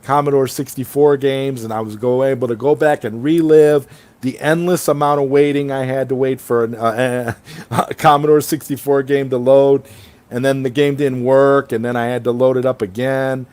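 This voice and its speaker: A man's voice: medium pitch, steady tone, moderate pace, darkish tone. A man hosting a casual late-night livestream chat, reading viewer comments aloud and rambling enthusiastically between them over an online call. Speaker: livestream host. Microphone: online streaming call.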